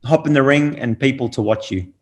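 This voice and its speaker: A man's voice: mid-range voice, fairly quick. A middle-aged man on a podcast, talking bluntly and preachily, swearing freely. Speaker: podcast guest. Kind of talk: casual podcast conversation.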